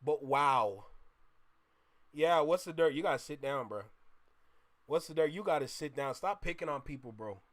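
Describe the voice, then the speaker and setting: Reaction host, young man from Canada: high-pitched, exclamatory, slangy banter to chat. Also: fairly quick. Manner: animated, exclaiming, addresses chat with slang like bro. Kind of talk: casual live reaction commentary.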